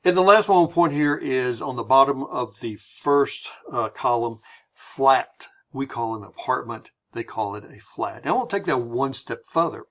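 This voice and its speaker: An American man teaching a recorded lesson in a relaxed, conversational voice of middle pitch. He explains his points patiently and walks through everyday examples one by one. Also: moderate pace, creaky.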